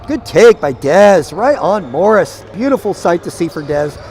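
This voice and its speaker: A man calling basketball play-by-play in quick, clipped calls that climb with the action. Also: high-pitched, lively intonation, darkish tone, a little hiss or hum. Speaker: play-by-play commentator.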